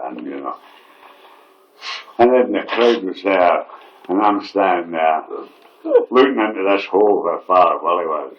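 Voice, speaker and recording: A man's voice: low voice, unhurried, pauses often, muffled recording. Laughing man telling a story. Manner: laughing often, swearing, animated storyteller. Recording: echoey room, faint noise.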